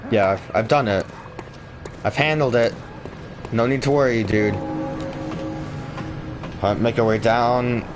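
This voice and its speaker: A man's voice: medium pitch, takes it slowly, long pauses. A man casually commenting on his video game playthrough in a joking, sarcastic way. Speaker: let's play host. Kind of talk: gaming commentary. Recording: game music underneath.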